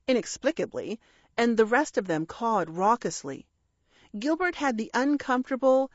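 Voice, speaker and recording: A woman reads a story aloud at an unhurried, slow pace, with dry, wry timing. Her pitch moves in a lively way. The recording is dry, with a slightly dull, muffled tone. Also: no echo. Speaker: narrator. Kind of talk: audiobook narration.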